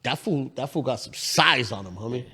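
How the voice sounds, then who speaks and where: Animated, profane man telling a story. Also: medium pitch, normal speed, slightly rough. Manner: animated, profane, laughs hard while telling stories. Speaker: podcast co-host. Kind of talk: casual storytelling chat.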